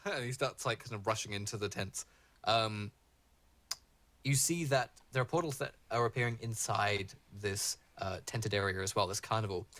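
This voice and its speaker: A man narrating a tabletop game as dungeon master, animated and rambling with fillers. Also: on the low side.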